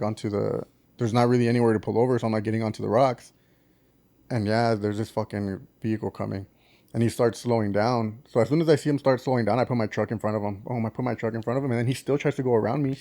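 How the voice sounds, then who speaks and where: A man with an El Paso Texan accent, telling a road story on a casual podcast, cursing often and acting out what people said. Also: medium pitch. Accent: El Paso Texan English. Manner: animated, swears constantly, acts out quotes. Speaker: podcast co-host.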